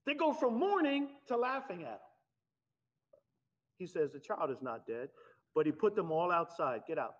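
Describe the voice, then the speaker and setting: A man preaching a sermon in an animated, conversational way. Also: sits high. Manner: animated, conversational preaching with laughs and acted-out quotes. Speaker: pastor. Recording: dull lo-fi sound.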